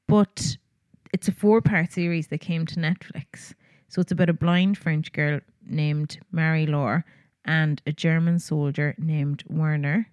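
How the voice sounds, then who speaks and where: A young woman co-hosts a podcast in relaxed, casual chat. She chats on freely, laughs often and lets sentences trail off. Her voice sits a bit low and is recorded close and dry, with no room sound. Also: a little slow, hardly any pauses, no room sound. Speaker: podcast co-host.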